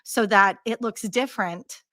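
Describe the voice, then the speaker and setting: A woman's voice: medium pitch, a little slow, a bit bright, no echo. A woman hosting an interview in a bubbly, engaging and encouraging way, often adding "you know" to her sentences. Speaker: podcast host. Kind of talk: casual interview conversation.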